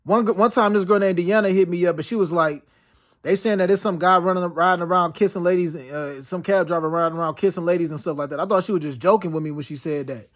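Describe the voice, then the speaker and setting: A man with a notably high speaking voice talks in a loose, rambling monologue. He circles back on himself with restarts, fillers and street slang like "yo" as he tells his story. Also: fast talker. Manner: slangy, peppered with "yo" and "you know what I'm saying". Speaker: vlogger recounting dreams and past events.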